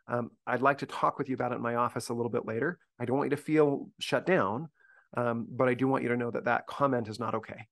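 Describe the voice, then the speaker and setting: Fast-talking man thinking aloud. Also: medium pitch, steady tone, creaky, a bit bright. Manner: earnest, thinks aloud with restarts. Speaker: speaker briefing university faculty. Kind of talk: conversational discussion talk.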